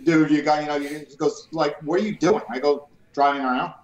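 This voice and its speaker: A middle-aged man, a retired police officer and business owner, telling animated and profane stories on a casual podcast and acting out both sides of the dialogue. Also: on the high side, fairly quick. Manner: animated, profane storyteller who acts out dialogue. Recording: roomy echo.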